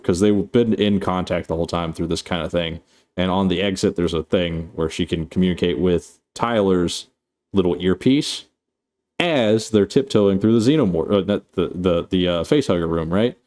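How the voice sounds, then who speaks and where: A man with a very deep voice walks through a movie's plot in a loose, unscripted recap. He swears freely, leans on filler words, and laughs at his own retelling. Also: darkish tone. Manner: rambling, profane, laughs often. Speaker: host.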